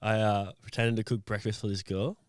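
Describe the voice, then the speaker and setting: A man's voice: on the low side, fairly even intonation, a little fast, no room sound, studio quality. A man co-hosting a podcast, chatting casually, joking, swearing and telling stories. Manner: joking, swearing, tells anecdotes. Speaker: podcast co-host. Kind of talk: casual chat.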